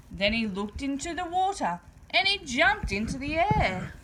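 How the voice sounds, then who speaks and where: A woman reads a rhyming children's picture book aloud. Her voice sits somewhat high and bright, and she bounces through the rhythm with an animated, swooping delivery. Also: moderate pace, hardly any pauses, slight background noise, low-quality recording. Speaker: storyteller.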